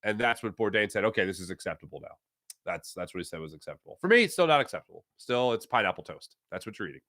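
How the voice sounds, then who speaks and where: A man's voice: fairly low pitch, big pitch swings, quick pace, bright, forceful tone. Playful opinionated man chatting. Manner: playful, opinionated rants with frequent fillers. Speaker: sports talk show host reading viewer comments. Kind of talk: casual live-stream chat.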